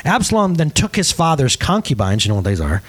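Male pastor, casual humorous sermon delivery, animated intonation. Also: a little high, brisk, breathy edge. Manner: casual, joking, lively storytelling. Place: church service.

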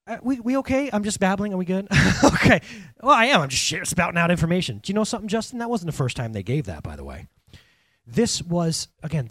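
A male pastor preaches in a loose, conversational way and keeps tossing questions at the people in front of him. His voice sits a little high and swings widely in pitch. The sound is dry and close, with little room in it. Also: no echo. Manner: conversational, animated, talks to congregation directly. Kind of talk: sermon.

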